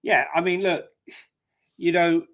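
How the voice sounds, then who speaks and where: A man's voice: on the high side, steady tone, a little slow, a bit bright. A man co-hosting a football podcast, making his points emphatically in casual conversation. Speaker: podcast co-host.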